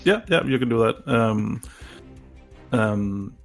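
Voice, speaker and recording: Gravelly male game master. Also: mid-range voice, animated, slow, soft background music. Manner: casual, stumbling, laughs often. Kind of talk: narrating a tabletop game.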